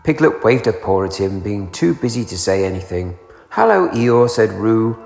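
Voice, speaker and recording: Gravelly man reading a storybook aloud. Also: on the low side, normal speed, a little mellow. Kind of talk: children's storybook read-aloud. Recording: echoey room with long reverb.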